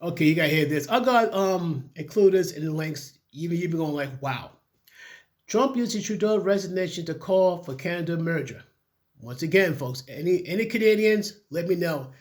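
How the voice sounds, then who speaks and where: A man with a fairly high, animated voice reads news articles aloud at a moderate pace in a casual way. He often stumbles over the words and breaks off to add his own opinionated asides.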